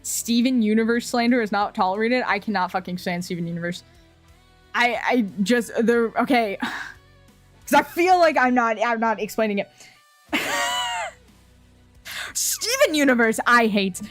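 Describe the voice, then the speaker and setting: A woman's voice: on the high side, dry recording. Ranting young woman streamer, swears often. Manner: ranting, blunt, swears often, laughs a lot. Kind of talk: casual chat reacting to chat messages.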